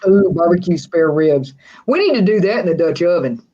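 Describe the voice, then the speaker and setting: A woman's voice: on the low side, expressive, fairly quick, muffled recording. A woman from West Texas with a West Texas accent, hosting a casual livestream chat in a chatty, folksy way and laughing often. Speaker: livestream host.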